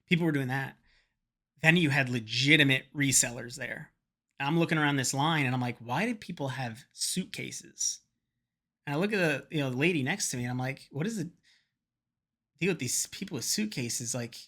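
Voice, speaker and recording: A man's voice: mid-range voice, pushed and bright. A man vlogging, telling a rambling, profane story in a casual chat to camera and slipping into quoted voices.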